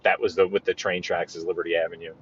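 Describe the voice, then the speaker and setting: Talking fast in a low, flat, slightly bright voice, a man vlogs a live driving tour, casually noting sights as he goes while he rambles, restarts, and tosses in playful asides. The in-car live-stream audio is a bit dull, with slight background noise.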